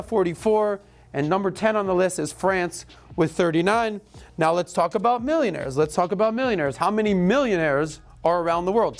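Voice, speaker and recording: A middle-aged man hosting a podcast, giving a casual rapid-fire rundown with breezy, joking asides. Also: high voice. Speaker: podcast host.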